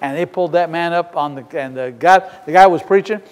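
A man preaching with fervor from a church platform, his voice pitched high for a man and driving hard on each point. He doubles back on his words and restarts phrases as he presses on. A long reverb from the large hall trails behind every line. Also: fairly quick. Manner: fervent, emphatic, repeats and restarts phrases. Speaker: pastor. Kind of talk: sermon. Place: church sanctuary.

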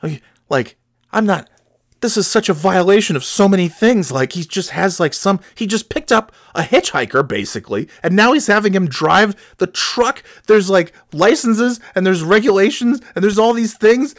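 A man's voice: high-pitched, lively intonation, normal speed, no echo, clean studio sound. Rambling, profane male storyteller. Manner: rambling, profane, self-deprecating. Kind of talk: comedic storytelling.

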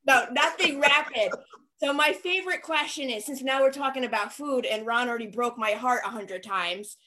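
Playful high-voiced woman co-host. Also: moderate pace, bright, forceful tone. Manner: playful, laughing, exclaiming. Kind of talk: casual chat. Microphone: video call.

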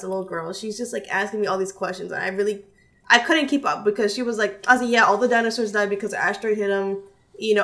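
A woman's voice: medium pitch, fairly bright tone. A young woman in casual podcast chat, storytelling with quoted voices in an everyday middle register. She talks loosely and jumps between thoughts. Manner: chatty storyteller, acts out quotes. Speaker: podcast co-host, kindergarten teacher.

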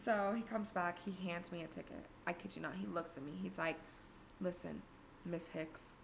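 A young woman tells a personal story in a casual storytime monologue, candid, profane and self-mocking. Her voice is lowish and creaky, her pace brisk, with a slight hiss or hum in the recording.

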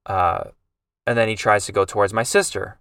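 A man with a fairly low voice tells a story in a loose, rambling way, often restarting his sentences as the feeling rises. He sounds a little far from the mic in a dry room with no echo. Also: steady tone, normal speed, a bit bright, clear, resonant tone. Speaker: podcast host. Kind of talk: casual storytelling monologue.

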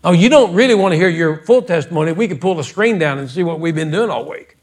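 High-voiced scolding preacher man. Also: animated, quick pace. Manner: preachy and scolding, builds to fervent. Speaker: pastor. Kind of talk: sermon. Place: church sanctuary.

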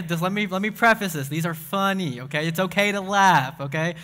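Excitable young preacher, bright voice. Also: male voice, high-pitched. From Tennessee. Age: young adult. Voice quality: speech impediment. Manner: excitable, fast, self-deprecating. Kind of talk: casual sermon with jokes.

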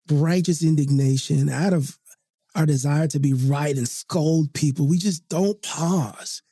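A man's voice: fairly high pitch, vocal fry, warm tone, no echo, studio quality. A man hosting a podcast, telling a reflective personal story in an earnest, confessional way, with frequent fillers and repeated phrases. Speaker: podcast host.

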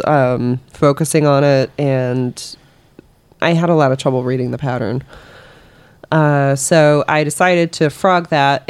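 Deep-voiced woman, hesitant and unhurried. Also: smooth. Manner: hesitant, many ums, unhurried. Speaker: podcast co-host. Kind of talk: casual chat.

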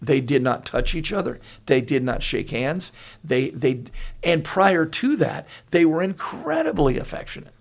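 A man's voice: fairly high pitch, a little slow, gravelly. Earnest older man, podcast host. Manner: earnest and animated storyteller with frequent restarts. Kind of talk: casual podcast conversation.

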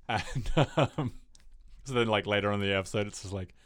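A man's voice: fairly low pitch, dry recording, studio quality. Chatty man acting out TV scenes. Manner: animated, acts out scenes in quick put-on voices. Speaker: podcast co-host. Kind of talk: casual chat about TV shows.

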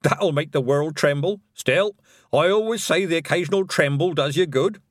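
A man's voice: on the high side, normal speed, dry recording, clean studio sound, pitched above the performer's own voice, close to an everyday voice. A man voicing a cheerful, chatty older witch with a hearty, raised manner in an audiobook. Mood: jolly.

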